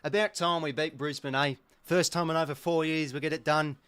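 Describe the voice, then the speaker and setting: A higher-pitched Australian man calls a football match live as a fan watching along. He swears freely and gets worked up over every play, with loose, chatty commentary. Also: fairly even intonation, fairly quick, fairly bright tone, smooth, dry recording. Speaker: host.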